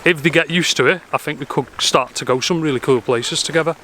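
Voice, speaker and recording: Kiwi guy vlogging on his bike, chatting to his dogs, bright forceful voice, bit of outdoor noise. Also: fairly high pitch, quick pace. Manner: chatty, talks to his dogs while cycling. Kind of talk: casual vlog to camera. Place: outdoors, cycling with a dog trailer.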